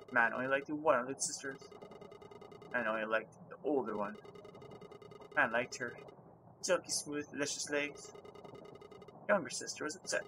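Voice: medium pitch, background noise, lightly acted. Little Jacket, a small third-person storyteller creature, read aloud. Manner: clipped storytelling in broken phrases. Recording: gameplay with music underneath.

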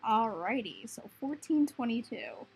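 High-pitched woman cooing over a game. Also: wildly swooping pitch, measured pace, gravelly, a little mellow, breathy edge. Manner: coos baby talk at the game creatures. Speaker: gaming video host. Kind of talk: casual gameplay commentary.

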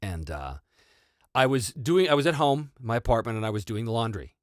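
A North American man hosts a casual Q&A, telling stories with a very lively rise and fall in his voice. He laughs often and interrupts himself as he talks, and the recording is dry and close. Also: medium pitch, brisk, no room sound. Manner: animated, laughing, self-interrupting. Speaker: host and voice actor. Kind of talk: casual livestream Q&A and storytelling.

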